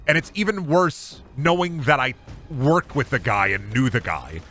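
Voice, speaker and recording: A man's voice: medium pitch, lively intonation, normal speed, sharp tone. A male streamer giving casual gaming commentary, rambling and swearing freely.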